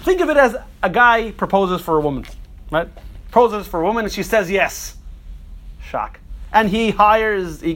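A middle-aged man teaching a Torah class to a group, animated, repeating phrases and throwing rhetorical questions at his listeners. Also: high voice. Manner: repeats and restarts phrases while thinking.

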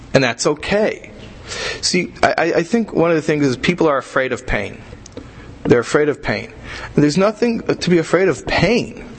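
A man's voice: mid-range voice, rough recording. A man teaching a religious class in a conversational way, repeating himself and asking rhetorical questions. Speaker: Torah teacher.

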